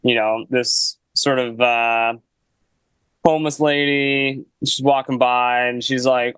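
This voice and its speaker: A man's voice: medium pitch, flat delivery, takes it slowly, fairly bright tone, smooth, no room sound, low-quality recording. A young man, a guest musician, telling a casual story in a laid-back way, full of "like" and "you know.". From Canada.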